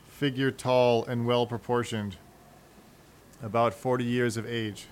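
A man giving scripted storybook narration in a measured, wry manner. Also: mid-range voice, level tone, slight background noise.

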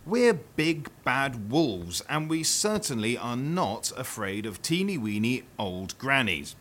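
A man voicing a boastful, grumpy big bad wolf with a slow, scornful drawl. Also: mid-range voice, big pitch swings, a bit bright, pitched above the performer's own voice, exaggerated voice.

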